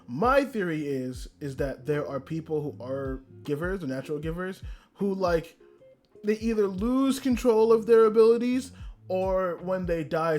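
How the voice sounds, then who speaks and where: A man's voice: on the high side, a little mellow. A man hosting a podcast, talking casually about anime in a rambling way and swearing freely. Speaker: podcast host. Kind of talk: casual anime review rant.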